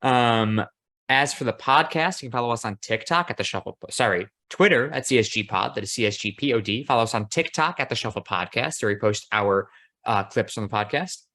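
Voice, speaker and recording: Male podcast host, relaxed casual chat, easygoing, casual swearing. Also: mid-range voice, fairly quick.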